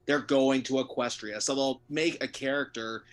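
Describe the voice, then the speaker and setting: A man's voice: medium pitch, steady tone, normal speed. A man on a discussion panel earnestly asking about writing, with a few restarts. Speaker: panel guest, aspiring fanfic writer.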